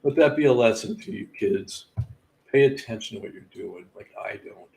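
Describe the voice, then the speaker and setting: A man's voice: on the low side, normal speed, vocal fry, a little mellow, low-quality recording. A man hosting a live sports betting show, casually running through game results with wry asides and laughing at his own missed picks.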